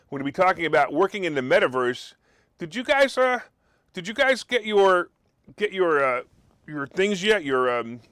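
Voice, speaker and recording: A man's voice: a little high, fairly bright tone, no room sound, clean studio sound. Sarcastic talk radio host, a man. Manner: sarcastic, mocking rants. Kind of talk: opinionated political talk radio.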